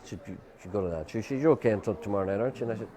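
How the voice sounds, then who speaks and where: A man's voice: lowish voice, very fast, a crowd in the background. An older man with an Irish accent, a guest telling a long rambling anecdote and acting out what others said, with many fillers. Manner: rambling storyteller who acts out quoted voices, many fillers. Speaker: interview guest. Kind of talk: anecdotal storytelling.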